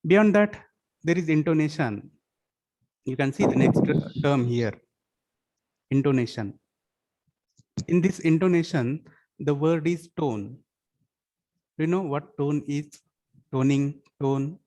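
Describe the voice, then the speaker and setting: Here the lecturer is a man whose voice sits on the high side and carries a dark tone, delivered slowly with long pauses. He often asks his students "yes or no?" to check they understand, and explains things in Marathi and Hindi too.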